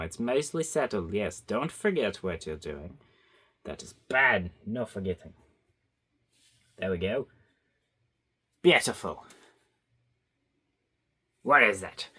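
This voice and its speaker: A man's voice: medium pitch, very animated, takes it slowly, pauses often, a bit bright. A young man with a mid-range voice talks casually to himself while he draws, rambling and goofy. He wanders between thoughts and comments on his own work in an offhand way. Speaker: artist vlogger. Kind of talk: casual talk while drawing.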